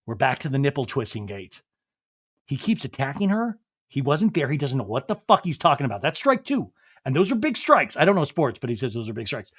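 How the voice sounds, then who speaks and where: A man's voice: mid-range voice, a little fast, slightly rough. A male podcast host recapping a reality show in a comic, profane way, often acting out what the cast said. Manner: animated, profane, jumps into exaggerated impressions.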